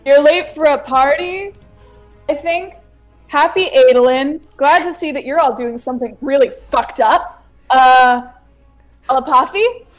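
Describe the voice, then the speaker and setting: A woman's voice: high voice, unhurried, faint music behind. A woman playing a tabletop game, joking and offhand. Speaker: player. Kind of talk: casual game chat.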